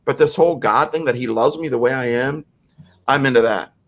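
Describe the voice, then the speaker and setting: A man's voice: medium pitch, fairly quick, fairly bright tone. A man on a podcast, speaking earnestly and reflectively about faith, often checking in with "right?" and "you know". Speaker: podcast co-host.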